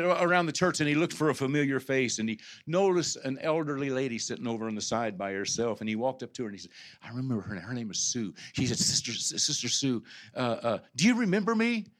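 A pastor preaching a sermon, with a bright, forceful tone. He talks low and conversational, then climbs into loud, impassioned preaching, stumbling and restarting along the way. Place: church sanctuary.

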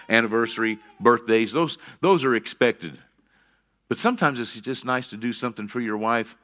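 Middle-aged man, pastor, sermon delivery: bright tone, preacherly, punches up to calls of amen. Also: medium pitch.

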